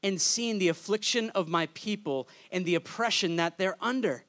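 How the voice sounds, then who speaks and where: A man voicing God during a sermon, speaking emphatically, slowly and insistently. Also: high voice, a bit bright. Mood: commanding. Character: God, commanding and reassuring.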